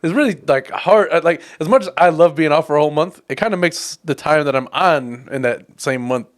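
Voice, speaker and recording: A man's voice: a little high, fairly quick. A man co-hosting a podcast in casual chat, joking, cocky and teasing. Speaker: podcast co-host.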